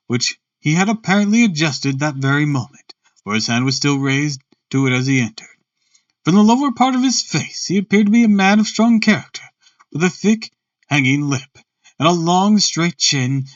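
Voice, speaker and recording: A man's voice: fairly high pitch, no echo, distant mic, dull audio. A man reading a classic story aloud on stream, breaking off for casual, chatty asides and joking about his own misreadings.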